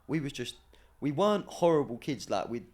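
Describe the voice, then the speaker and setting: A young man, telling stories in a slangy, cheeky, animated way during a casual podcast chat. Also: medium pitch, brisk. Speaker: podcast guest, former academy footballer.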